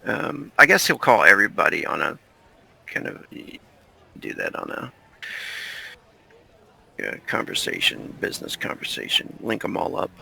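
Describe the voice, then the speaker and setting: A male player in a tabletop game, talking slowly and hesitantly. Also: low-pitched, huge pitch swings, creaky, sharp tone, husky. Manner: slow, hesitant. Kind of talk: tabletop role-play.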